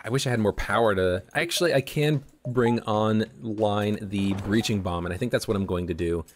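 Low-voiced man narrating his gameplay. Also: moderate pace, faint music behind. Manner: casual, thinking aloud while playing. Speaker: gameplay commentator. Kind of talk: let's play commentary.

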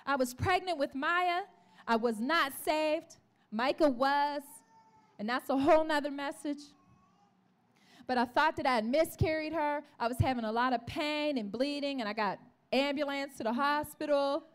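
A woman preaching a sermon testimony to a church, telling her story in an animated way and calling out to the congregation. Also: high-pitched, normal speed. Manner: calls out to the congregation.

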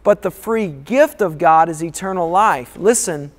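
Male pastor, very high voice, slow deliberate delivery, emphatic repetition, long hall echo. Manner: emphatic, repetitive preaching with call-and-response. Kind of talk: sermon. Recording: long reverb of a large hall.

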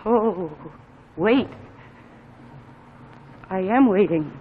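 An actress playing a worried, sharp-tongued grown daughter speaking urgently, in a live 1950s TV drama. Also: female voice, mid-range voice, lively intonation, extremely slow. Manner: tense, urgent. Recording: dull 1950s TV audio with faint noise.

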